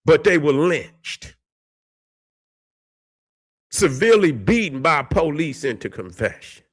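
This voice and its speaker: A man hosting a commentary vlog rants heatedly, swearing a lot and stumbling over his words, then reads case histories aloud between outbursts. His husky voice sits on the high side with big pitch swings, and he takes it slowly.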